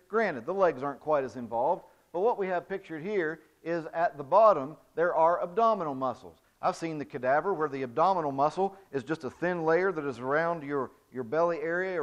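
Church music guy explaining how to sing, slightly high voice, goes quiet then booms, muffled lo-fi sound. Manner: demonstrative, explains with physical examples, swings from soft to loud. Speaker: church music director teaching singing. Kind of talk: spoken voice lesson to a congregation. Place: church sanctuary. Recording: dull lo-fi recording.

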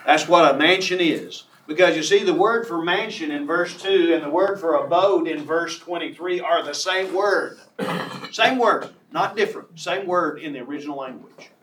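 A man preaching a sermon, emphatic, who reads scripture slowly and draws out key words. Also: a little high, a bit bright, recorded from a distance, slight background noise. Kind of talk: sermon on a Bible passage. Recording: echoey room from off the mic.

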